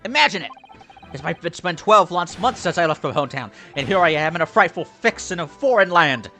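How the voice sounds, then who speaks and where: Man playing a theatrical, excitable young prisoner. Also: a little high, fairly quick, faint music behind, voice pushed up, heavily acted. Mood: exultant. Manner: theatrical, alliterative outbursts.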